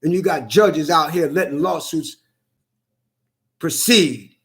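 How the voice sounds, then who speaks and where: Brief: high-pitched man, angry profane vlog rant, repetitive and heated. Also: slow pace, a bit bright. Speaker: vlogger. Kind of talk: angry ranting monologue.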